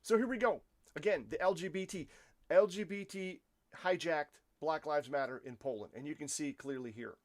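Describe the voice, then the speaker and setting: A man in Poland gives casual, opinionated livestream commentary in a fairly high voice at a moderate pace. He fires rhetorical questions at his viewers, calls them "folks," and often restarts his sentences.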